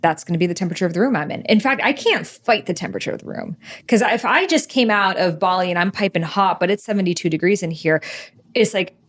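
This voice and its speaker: A woman talking as a podcast guest and spiritual teacher in a casual conversation, chatty and animated, with lots of "like". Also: lowish voice, fast talker.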